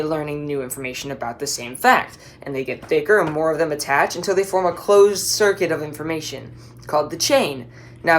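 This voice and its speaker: A woman's voice: low-pitched, a little hiss or hum. A woman giving a class presentation as a student, explaining with playful analogies and talking straight to the listener.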